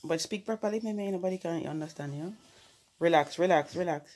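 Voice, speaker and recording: A woman's voice: lowish voice, brisk, a little mellow. A young adult woman with a Jamaican accent, chatting casually at home in a family vlog, coaxing and laughing as she mixes patois, English and French. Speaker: family vlogger.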